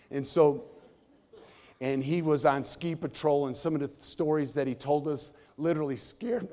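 Middle-aged pastor preaching in a reverberant hall. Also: male voice, mid-range voice. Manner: conversational preaching, swinging between loud and hushed. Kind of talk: sermon. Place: church sanctuary. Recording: long reverb of a large hall.

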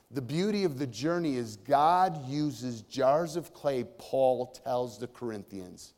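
A middle-aged man preaching a sermon in a church. He talks in a conversational way, swinging between loud and hushed. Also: mid-range voice. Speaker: pastor. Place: church sanctuary. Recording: long reverb of a large hall.

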